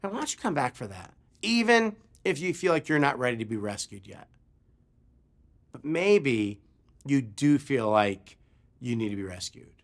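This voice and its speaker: A man preaching a sermon, telling a personal story with animated delivery and acted-out shouts. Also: medium pitch, moderate pace, long pauses. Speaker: pastor.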